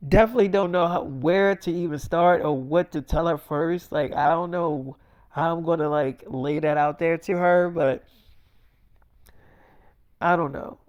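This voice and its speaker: A man's voice: on the high side, measured pace, clean tone, dry recording, muffled recording. A man telling an improvised role-play story in a rambling way, full of filler words. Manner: rambling, full of "like" and "you know".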